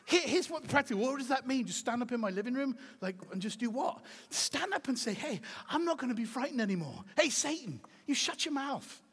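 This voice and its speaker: A middle-aged man preaching a sermon as pastor, emphatic and swinging from soft to shouting. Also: very high-pitched, expressive, quick pace, few pauses, husky. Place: church auditorium. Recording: reverberant hall.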